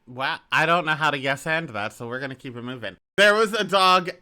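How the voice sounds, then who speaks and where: A man's voice: a little high, fairly quick, smooth. A young adult man co-hosting a podcast, telling stories and joking, laughing often. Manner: animated, joking storyteller who laughs often. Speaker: podcast co-host. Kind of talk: casual gossip chat.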